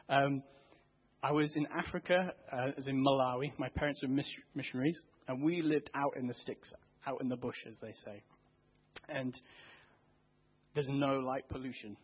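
A man preaching in a church, telling a personal story in a relaxed, anecdotal way. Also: mid-range voice, slightly rough. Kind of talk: sermon storytelling. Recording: dull muffled church recording.

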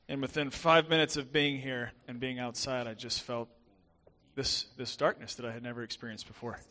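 A young adult man with a softened Southern American accent, preaching as a guest pastor in a chatty, self-deprecating way with many fillers and restarts. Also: medium pitch. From southern United States. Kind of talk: sermon.

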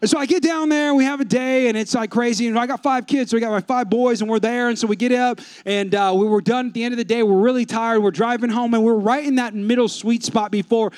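A man, a pastor telling a funny story to his congregation with lively humor. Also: extremely high pitch, quick pace, few pauses, smooth, dry recording. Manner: animated, humorous, addresses the congregation. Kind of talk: storytelling sermon.

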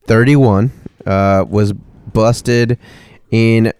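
A man's voice: on the low side, fairly even intonation, drawn-out words, darkish tone, smooth, dry recording. A man in casual comedic chat, retelling an odd news story with loose, wry asides. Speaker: co-host.

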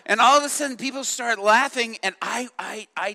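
High, bright-voiced man preaching. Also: brisk, in a large hall. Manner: animated, laughing, acts out voices in his stories. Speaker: youth pastor telling a story from the pulpit. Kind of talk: sermon storytelling.

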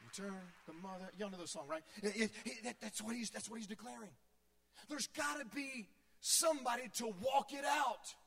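A man preaching a sermon as pastor, swinging between soft asides, shouts and sung phrases. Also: very high voice, normal speed, gravelly. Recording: long hall reverb.

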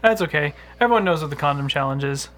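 A man's voice: on the high side, animated, fast talker, a bit bright, a little hiss or hum. A man co-hosting a podcast in crude casual chat, hedging sheepishly and laughing along. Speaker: podcast co-host.

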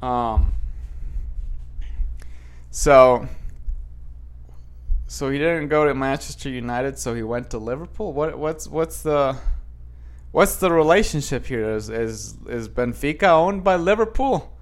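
A man's voice: mid-range voice, animated, takes it slowly, pauses often. A man chatting casually to his viewers and reading news headlines aloud, rambling with many restarts, fillers and asides. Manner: talks straight to viewers. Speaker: vlogger.

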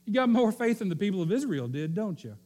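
A man voicing the devil as a sly, taunting male tempter who repeats his dares slowly in a sermon. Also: high voice, big pitch swings, a little mellow, voice pushed up. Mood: mocking. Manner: slow mocking challenge, repeated dares.

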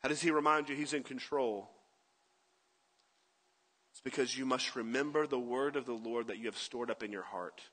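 A man's voice: medium pitch, normal speed, long pauses, a bit bright, big-room sound. A man preaching a sermon as a pastor, in a conversational way, often asking his listeners "right?".

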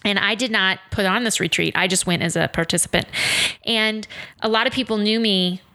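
A woman's voice: medium pitch, a little fast, bright, forceful tone. A woman hosting a podcast, chatting in an enthusiastic and affirming way. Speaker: podcast host and physician. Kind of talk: casual interview chat.

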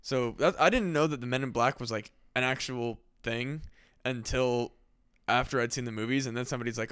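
A man with a smooth, clear voice hosts a casual podcast chat and rambles through a story, packing it with fillers and swearing. The sound is dry and close, with no room echo. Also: medium pitch, brisk, a bit bright. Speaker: podcast host.

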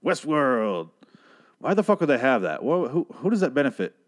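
A man's voice: mid-range voice, big pitch swings, moderate pace. Young male podcast host; profane, incredulous ranter for a sarcastic film recap.

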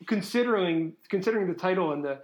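Higher-voiced man in a roomy room. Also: lively intonation, fast talker. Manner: conversational, agreeable, reasons things out aloud. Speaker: podcast co-host. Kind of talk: casual book discussion. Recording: roomy echo.

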